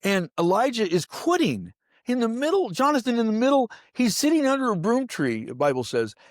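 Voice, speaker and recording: A former pastor, appearing as a guest in an interview, tells stories with an emphatic preaching cadence and repeats phrases for effect. His voice is extremely high-pitched, very animated and brisk, recorded in studio quality with no room sound.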